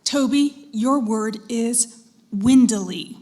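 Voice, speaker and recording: A woman serving as pronouncer at a spelling bee, reading out words and dictionary definitions in a measured, deliberate way and prompting contestants politely. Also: fairly high pitch, a little mellow. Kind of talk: formal competition announcing. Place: school event hall.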